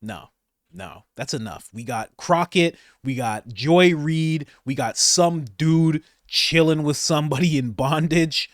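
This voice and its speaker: Male commentary host, mocking and incredulous, bursts of laughter, slightly high register, dry recording. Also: takes it slowly, no room sound. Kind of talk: reaction commentary on political clips.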